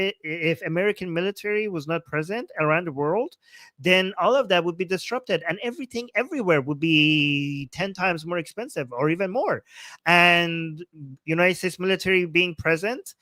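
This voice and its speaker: A man's voice: on the high side, pushed and bright, dry recording. A man commentating on a livestream, reacting to a clip with sarcastic, exasperated rebuttals.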